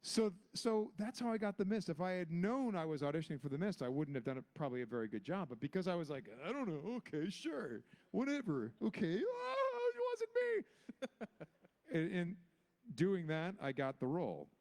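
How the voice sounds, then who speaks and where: Storyteller, man, 40s, lively pitch, slightly high, acts out all the voices. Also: brisk. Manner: acts out every character with big pitch jumps. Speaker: guest actor on a convention panel. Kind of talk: animated anecdote telling. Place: convention panel stage.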